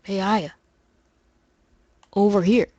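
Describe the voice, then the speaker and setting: A woman voicing a gruff male police detective from a video game, in a low, rough put-on voice. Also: steady tone, takes it slowly, warm tone, muffled recording.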